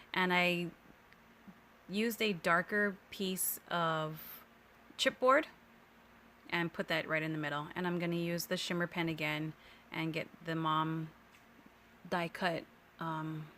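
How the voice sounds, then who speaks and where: Chill lady talking thru her card crafting, lowish voice, bit of faint hiss behind. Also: bright, forceful tone. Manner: chatty and easygoing, with small self-corrections. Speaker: card-making tutorial host. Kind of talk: casual crafting voice-over. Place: home craft room.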